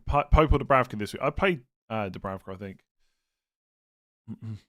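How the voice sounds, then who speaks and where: A man's voice: on the low side, lively intonation, moderate pace, long pauses, fairly bright tone. Casual man reading live chat questions. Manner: thinks aloud, reads chat, self-mocking humor. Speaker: streamer answering viewer questions.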